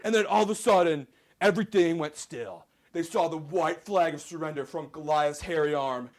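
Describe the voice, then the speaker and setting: A man's voice: fairly high pitch, expressive, normal speed. A man hosting and telling a Bible story for laughs, rambling with lots of "like" fillers and absurd asides. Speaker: storyteller host.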